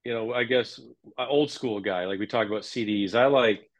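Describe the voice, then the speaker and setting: A middle-aged man, a fitness instructor, talking as a guest in a casual interview, energetic and animated. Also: on the low side, normal speed, no room sound. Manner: energetic, animated, puts on playful voices when quoting.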